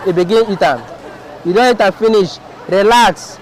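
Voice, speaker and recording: A Nigerian man tells a comic story in a playful, rhythmic voice that repeats its phrases. His voice sits very high. A crowd and street noise fill the outdoor air around him. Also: moderate pace, rough recording. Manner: animated, playful, rhythmic repetition.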